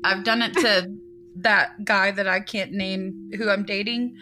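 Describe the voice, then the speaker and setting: A woman's voice: medium pitch, steady tone, unhurried, bright, forceful tone, slight background noise. A woman from the American South co-hosting a podcast, reading a case aloud and breaking off into swearing and jokes. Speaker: podcast co-host. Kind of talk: true crime podcast reading and banter. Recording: music bed underneath.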